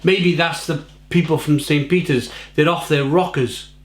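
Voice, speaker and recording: A man's voice: a little high, steady tone, a little slow. A man reviewing beer on camera at home in his kitchen, ranting with exasperation and repeating himself. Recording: roomy kitchen echo.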